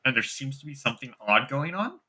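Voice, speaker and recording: A man's voice: mid-range voice, big pitch swings, fairly quick, sharp tone. A young man narrating a tabletop game as game master in a loose, casual way, with lots of fillers.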